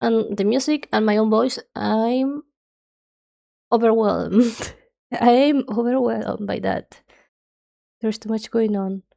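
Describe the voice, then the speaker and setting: A woman's voice: fairly high pitch, slow pace, creaky, long pauses, mellow. A young woman streamer chatting casually and rambling nonstop while she draws, her nose stuffy. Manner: rambling, chatty, self-described yapping.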